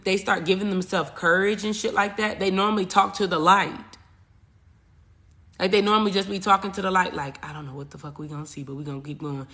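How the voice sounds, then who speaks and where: A woman spiritual coach talking casually and profanely to her viewers, swinging from loud outbursts to hushed asides. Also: fairly low pitch. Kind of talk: casual live chat.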